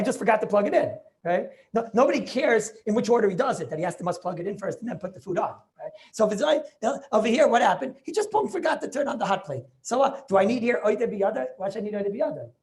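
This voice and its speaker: In a high voice, a man makes his case on a Talmudic question during an online Torah lesson by video call. He's eager, keeps starting sentences over, and tags on "right?" again and again.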